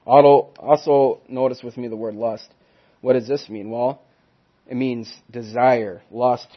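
An earnest man teaches a Bible study at a middle pitch. He punches his key words and then lets each phrase trail away quietly. The recording sounds dull and lo-fi. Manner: earnest, emphatic, swings from loud stresses to soft trailing ends.

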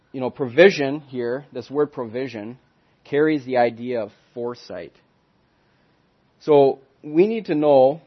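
A man teaching a Bible study lesson in an earnest, emphatic way, stressing key words loudly and letting phrases trail off softly. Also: mid-range voice. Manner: earnest, emphatic, swings from loud stresses to soft trailing ends. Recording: dull lo-fi recording.

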